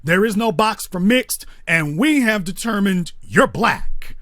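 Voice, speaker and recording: A man hosting a call-in show, laying out his argument in an emphatic, lecturing way. His voice is high for a man and swings widely in pitch. The sound is close and dry, with no room around it. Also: expressive, a little slow, a bit bright, dry recording. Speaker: host. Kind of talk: call-in talk show, arguing a point.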